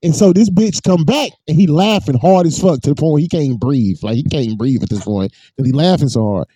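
Animated, high-voiced man telling a story. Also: brisk, no echo. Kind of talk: casual storytelling chat, profane.

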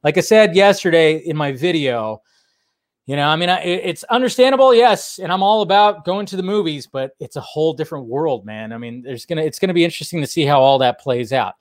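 A man's voice: on the high side, expressive, a little fast, no echo, clean studio sound. A man hosting a casual live stream, rambling and chatty, with lots of fillers and restarts.

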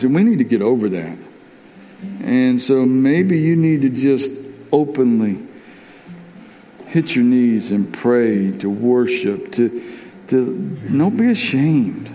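With a mellow, medium-pitched voice, this man preaches as pastor in a church sanctuary. His delivery is earnest and openly emotional, and he repeats himself often while urging the congregation on. The big hall lends the sound a long reverb.

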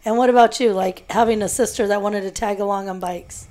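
A woman's voice: medium pitch, steady tone, a little fast, a little mellow. A woman hosting an interview in a casual chat, asking questions with a playful, teasing manner. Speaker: interviewer host.

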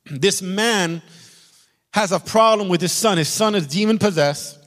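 A man pastor delivers an impassioned sermon in a high, lifted voice. He drives his points home by saying them again and again. His voice carries a long reverb from the church hall. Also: unhurried, fairly bright tone. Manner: impassioned preaching, repeats lines for emphasis. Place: church sanctuary.

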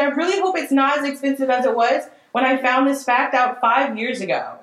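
In a high voice, a little fast, this woman co-hosts a podcast in casual conversation, earnest and moving between crying and laughing. The recording is low-quality with a roomy sound.

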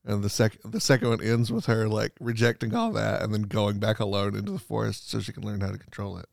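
A man co-hosting a casual podcast chat, throwing in dry wisecracks, with a gravelly voice. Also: on the low side, quick pace, dry recording.

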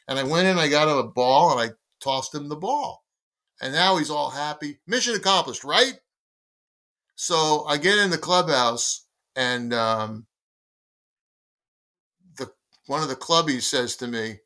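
A man being interviewed as a guest, telling anecdotes in a conversational, animated way and acting out the dialogue of the people in them. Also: a little high, unhurried. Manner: animated storyteller who acts out quoted dialogue. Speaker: guest, baseball editor and former team publicist.

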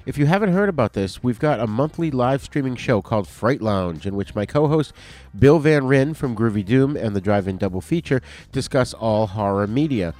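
A man's voice: mid-range voice, expressive, moderate pace, few pauses, darkish tone. A man hosting a podcast, chatty and upbeat as he gives a casual intro with promotions. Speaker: podcast host.

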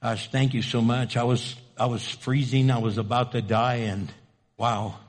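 A sly snake with a sunken, quiet voice that begs softly and wheedles to get its way, put on by a man telling a parable. It sounds lower and more hushed than its teller's usual speech. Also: animated, a little slow, long reverb tail. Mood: pleading.

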